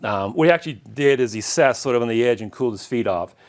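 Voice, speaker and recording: A middle-aged man lectures in an easygoing, conversational way. He rambles through stories with the odd chuckle, his voice sitting at a plain, ordinary pitch. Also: lively intonation, quick pace. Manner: chatty and anecdotal, chuckling at his own stories. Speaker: lecturer and longtime marathon runner. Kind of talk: casual illustrated lecture.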